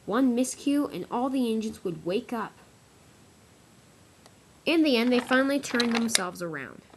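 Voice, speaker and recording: A woman's voice: a little high, animated, a little slow, a little hiss or hum. A woman narrating a homemade toy-train story in a casual way, with small slips and restarts.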